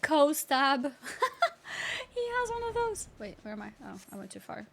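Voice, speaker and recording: A woman's voice: sits high, sing-song, normal speed, vocal fry, a little hiss or hum. A woman streamer chatting playfully while she plays and reads game text aloud. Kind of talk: casual gameplay commentary.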